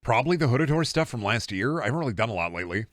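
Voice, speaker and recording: Young Midwestern man, casual rambling streamer chat, mid-pitched, dry close mic. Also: big pitch swings, very fast, fairly bright tone, no room sound. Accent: Midwestern American. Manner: rambling, reading and answering chat.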